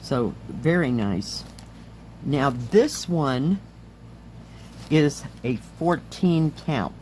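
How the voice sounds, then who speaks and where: A middle-aged woman, slightly hoarse, chatting casually as she reviews craft kits and handles them on camera. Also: very deep voice, expressive, drawn-out words, warm tone, a little hiss or hum. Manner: chatty, enthusiastic, talks while handling items. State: slightly hoarse, losing her voice. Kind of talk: casual chat.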